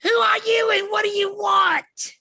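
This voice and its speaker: A man doing a shrill, shouting goblin woman. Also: level tone, unhurried, creaky, heavily acted. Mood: demanding. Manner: yelling across a distance, exasperated.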